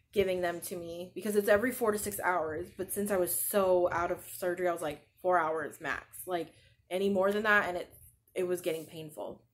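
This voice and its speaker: A woman in her thirties hosting a podcast, chatting casually and rambling with lots of "like," sleep-deprived as a new mother. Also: lowish voice. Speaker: podcast host. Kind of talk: casual chat.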